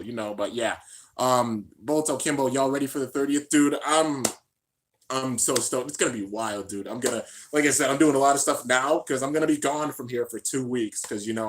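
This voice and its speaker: A man hosting a live reaction stream in casual, slangy chat, swinging between hyped shouts and low mumbles. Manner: excitable, slangy, keeps saying "dude".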